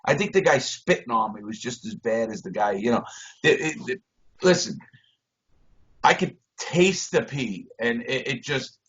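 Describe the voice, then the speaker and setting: A blunt, foul-mouthed man talks over a video call in a mid-pitched voice. He swings between loud bursts and low mutters. The call audio is dull and lo-fi. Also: animated, unhurried. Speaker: interview guest.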